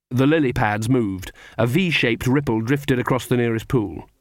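Dry, measured male audiobook narrator. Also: mid-range voice, no echo.

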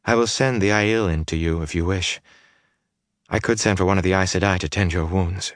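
A man voicing a proud noblewoman, now humbled and frightened, in a breathy, pleading voice in an audiobook. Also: low-pitched, normal speed, no echo, studio quality, lightly acted. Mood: formal.

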